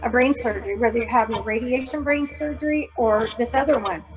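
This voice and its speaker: A woman in her fifties, a former corrections officer, telling personal stories in an animated, humorous way and acting out the voices of others. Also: a little high, a little fast, over music, poor audio. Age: 50s. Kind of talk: casual storytelling interview.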